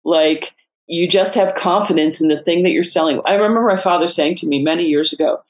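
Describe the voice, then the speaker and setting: A middle-aged woman, a memoir author, telling personal stories in a casual interview, animated and often laughing. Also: lowish voice, brisk.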